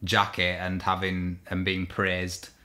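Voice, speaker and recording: A man talks films in a blunt, casual way, quick to criticise. His voice is low in pitch but bright and forceful in tone. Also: monotone. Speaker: film review co-host. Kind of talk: casual film discussion.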